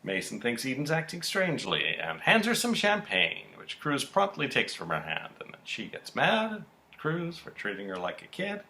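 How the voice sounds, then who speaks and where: A man co-hosting a podcast, casually recapping soap-opera episodes in an animated storytelling way and acting out the characters' lines. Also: mid-range voice, moderate pace, gravelly. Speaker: podcast co-host.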